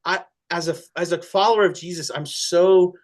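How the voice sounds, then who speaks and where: This pastor has a high voice with fairly even intonation. In a conversational church discussion he is earnest and halting, often restarting, with feeling rising in his words.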